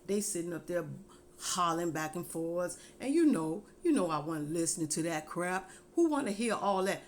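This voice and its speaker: A woman's voice: on the low side, big pitch swings, moderate pace, a little hiss or hum. A woman voicing a fed-up teenager who complains and brushes off bickering parents. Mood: dismissive. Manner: dismissive, complaining.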